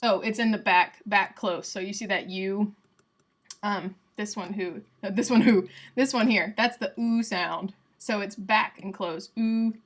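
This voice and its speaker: A young woman with a Southern US accent, casually teaching phonetics on a livestream and sounding out examples aloud. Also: mid-range voice. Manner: chatty and playful, demonstrating sounds aloud.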